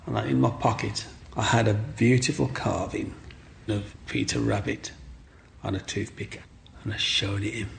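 A middle-aged man telling his life story in an interview, animated, acting out the voices of people in his story. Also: on the low side, moderate pace, vocal fry. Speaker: guest.

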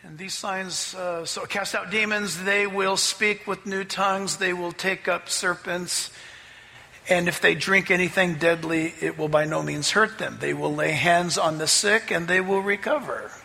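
A man preaching a sermon as pastor, telling a story with lively energy. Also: high-pitched, unhurried, creaky, in a large hall. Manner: animated, rising to near-shouts in the story. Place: church sanctuary.

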